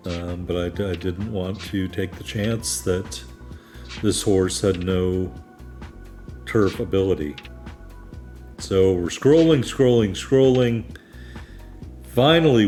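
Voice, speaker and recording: A man's voice: lowish voice, a little mellow. A man hosting a racing game playthrough in casual commentary, rambling with frequent ums and self-deprecating asides. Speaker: let's play host.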